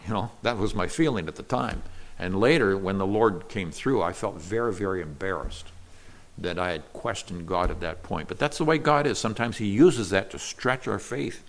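Man, fairly low voice, earnest bible teaching, patient explaining. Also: animated, moderate pace. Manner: earnest, explanatory, with small restarts.

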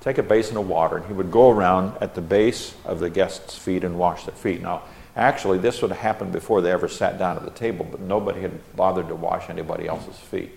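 A man's voice: sits low, fairly even intonation, a little fast, creaky, a little mellow, reverberant. A man teaching a Bible sermon in an explanatory way, with folksy examples and frequent "uh" fillers.

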